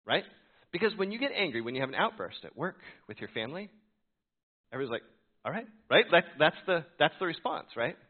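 Lively storytelling male pastor. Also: fairly high pitch, quick pace. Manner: animated storytelling, acts out his own reactions. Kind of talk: sermon with personal story. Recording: tinny phone-like sound.

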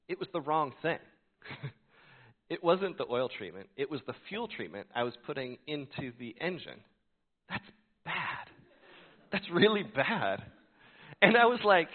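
A male pastor delivers a sermon in an animated storytelling way, acting out his own reactions. His pitch swings widely as he talks. The recording is thin and tinny, like a phone line. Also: moderate pace.

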